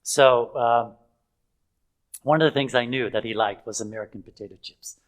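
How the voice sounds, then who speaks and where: A man's voice: medium pitch, moderate pace, rough recording. An older man preaching in a chatty storytelling way, with fillers and frequent chuckles. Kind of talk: anecdotal sermon.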